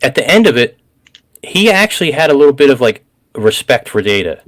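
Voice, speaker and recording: A man hosting a casual recap chat, rambling, laughing often and getting excited. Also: medium pitch, a little fast. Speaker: podcast host.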